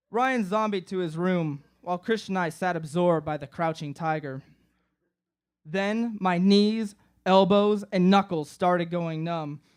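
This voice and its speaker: A man's voice: sits high, smooth. A young man performing a comic personal story live on stage, acting out his friends' voices. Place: live stage before an audience.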